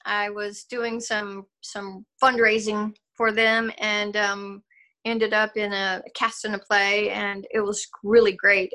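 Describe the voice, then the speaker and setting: An older woman talking on a video call as an interview guest, reflective and halting, laughing often. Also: mid-range voice, sharp tone. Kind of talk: casual interview conversation.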